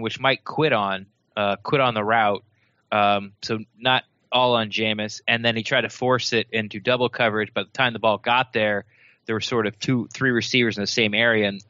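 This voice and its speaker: A man's voice: fairly low pitch, fairly even intonation, moderate pace, pushed and bright, no room sound. A man co-hosting a sports podcast in casual, rambling chat full of fillers. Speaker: podcast co-host. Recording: dull, dry lo-fi podcast audio.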